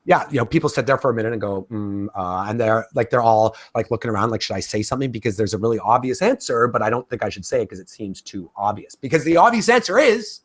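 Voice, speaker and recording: Animated man teaching a course. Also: mid-range voice, fast talker, hardly any pauses. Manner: animated, talkative, frequent fillers and restarts. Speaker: course instructor. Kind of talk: casual spoken lecture.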